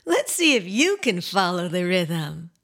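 Animated slow-talking woman hosting for kids. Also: on the low side, slight background noise. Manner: animated, sing-song, silly and encouraging. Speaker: children's show host. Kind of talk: playful talk to young children.

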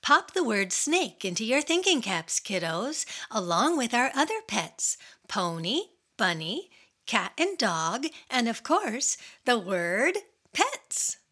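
A woman's voice: a little high, big pitch swings, slow, pushed and bright, slightly rough. A woman hosting a children's radio show, bubbly and sing-song, talking straight to the kids listening.

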